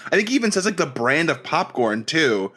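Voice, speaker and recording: Animated man joking on a podcast. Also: on the high side, brisk, slightly rough. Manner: animated, jokey, swears freely. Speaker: podcast co-host. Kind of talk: casual comedic chat.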